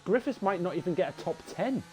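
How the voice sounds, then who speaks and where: Excitable young race commentator. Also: male voice, high-pitched, quick pace, a little hiss or hum, poor audio. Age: young adult. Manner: chatty and excitable, talks to viewers as lads. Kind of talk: live sim racing commentary.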